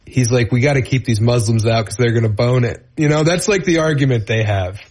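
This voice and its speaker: A man's voice: medium pitch, a little fast, slightly rough. A man, a stand-up comedian, telling a rambling story on a podcast and acting out the voices of the people in it. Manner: rambling, animated, acts out voices in anecdotes. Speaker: comedian guest. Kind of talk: casual storytelling.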